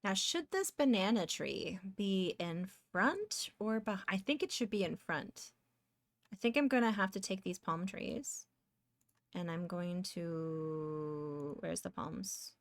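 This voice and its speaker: A young woman from Canada chatting casually on a live stream while she draws, rambling and breaking into excited exclamations. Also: fairly low pitch, slow pace, no echo, studio quality.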